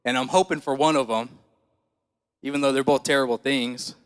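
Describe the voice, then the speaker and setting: A man's voice: medium pitch, fairly even intonation, fairly quick, clear, resonant tone. A man preaching a sermon, telling a personal story in a folksy, conversational way and asking the congregation questions. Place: church hall. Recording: church hall reverb.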